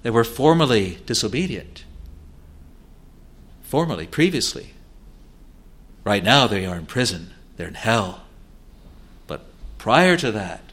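A male preacher gives a sermon slowly and deliberately, pleading with earnest feeling. His voice climbs to loud urging, then falls to hushed, low asides.

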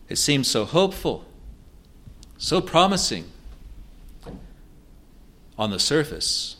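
A man delivers an expository sermon in an earnest, measured way. He poses rhetorical questions and then answers them himself. Now and then he halts and restarts a phrase. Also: on the high side, big pitch swings, sharp tone. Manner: halting at times, with restarts. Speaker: preacher.

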